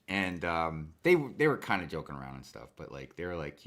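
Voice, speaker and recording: Profane, animated ranting man. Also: a bass voice, fast, hardly any pauses. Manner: profane, animated storytelling with frequent swearing and fillers. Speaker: streamer. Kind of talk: casual ranting monologue.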